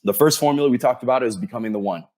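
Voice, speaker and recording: Animated man telling a success story. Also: mid-range voice, rapid-fire. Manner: animated storyteller who acts out quoted dialogue. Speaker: podcast guest. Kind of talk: storytelling in a podcast interview.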